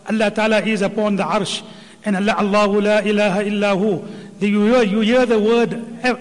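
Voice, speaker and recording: A man giving a reverent religious talk, reciting Quranic verses as he summarizes a lecture. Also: high voice. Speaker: Islamic speaker summarizing a lecture. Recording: long hall reverb.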